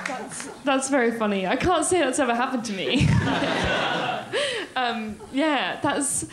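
A woman's voice: high-pitched, lively intonation, measured pace. A woman hosting a live story slam, bubbly and chatty, laughing between announcements. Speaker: event host. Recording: echoey live venue with crowd and noise.

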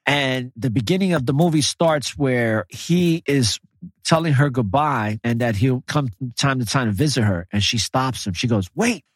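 A man in casual podcast conversation, retelling a film with animated, profane emphasis. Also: medium pitch, moderate pace, husky, dry recording, clean studio sound.

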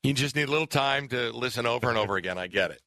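A man's voice: medium pitch, racing, bright, forceful tone, no echo, clean studio sound. A man co-hosting a casual podcast who teases and banters playfully. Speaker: podcast co-host. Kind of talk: casual chat.

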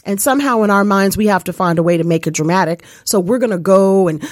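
A woman's voice: mid-range voice, fast, darkish tone, dry recording, studio quality. Earnest woman hosting a spiritual talk show. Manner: earnest, addresses listeners as "you guys". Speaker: spiritual life coach, show host.

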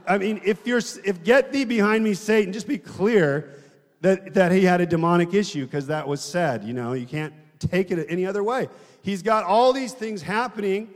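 A man's voice: sits high, long reverb tail. A man preaching a sermon in a conversational way, often asking the congregation questions.

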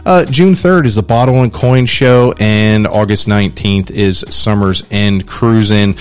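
Chatty low-voiced male host. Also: a little slow, smooth. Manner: chatty, loose, with fillers and asides. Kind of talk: casual interview and local announcements.

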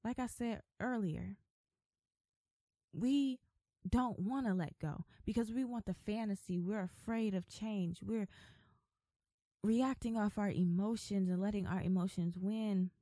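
A woman's voice: mid-range voice, unhurried, warm tone, no echo. A woman hosting a faith podcast, talking emphatically and with repetition, like an exhortation. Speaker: podcast host.

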